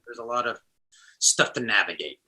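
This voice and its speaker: A man's voice: mid-range voice, normal speed, sharp tone, breathy edge. A man guest musician chatting casually in an interview, rambling with lots of restarts and fillers.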